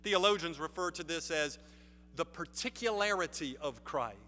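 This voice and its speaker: A man preaching a sermon in a measured, emphatic way, building stress on key phrases. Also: a little high, expressive, pushed and bright, a little hiss or hum. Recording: long reverb of a large hall.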